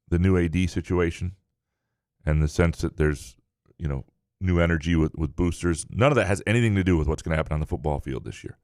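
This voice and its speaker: A man co-hosting a sports podcast, answering listener questions in a casual, halting way with frequent restarts. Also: low voice, dry recording, studio quality. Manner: halting, many restarts and fillers. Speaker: podcast co-host.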